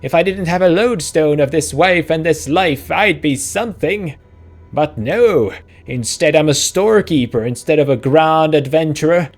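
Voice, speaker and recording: A man's voice: fairly high pitch, normal speed, soft background music, natural voice. Man doing a blustering little shopkeeper. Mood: indignant. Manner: pompous, indignant. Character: small blustering male shopkeeper with a comic accent. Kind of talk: video game read-aloud.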